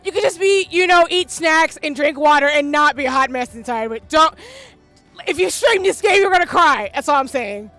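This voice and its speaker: A high-voiced woman streamer talks through tears, her tone bright and sharp. She gushes and sounds overwhelmed, veering from loud wails to quiet mumbles close to her desk mic. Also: expressive, moderate pace, soft background music. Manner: gushing and overwhelmed, swinging between wailing and mumbling. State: crying. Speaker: game streamer. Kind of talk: live gameplay reaction. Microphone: desk microphone.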